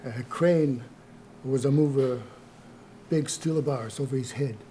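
A man playing an older Italian immigrant mob grandfather in a comedy sketch, speaking halting, broken English with an Italian accent and slipping into Italian. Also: mid-range voice, dark tone, a little hiss or hum, close to an everyday voice. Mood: grave storytelling.

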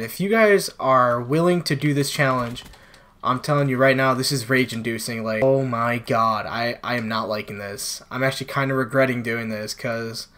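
A man's voice: mid-range voice, fairly bright tone. A man commentating his own gameplay for viewers on a new microphone, frustrated and exclaiming as he plays. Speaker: gaming channel host. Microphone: new desktop microphone.

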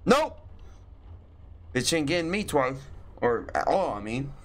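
A man's voice: medium pitch, animated, normal speed, a little hiss or hum. A man commentating a horror game, scared and tense, swearing and talking to himself as he plays. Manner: jumpy, swearing, talks to himself while playing. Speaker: gaming YouTuber.

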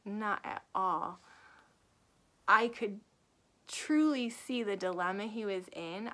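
A woman author giving a casual book review, retelling the plot lively with acted quotes and frequent laughs. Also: mid-range voice. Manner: laughs often while talking.

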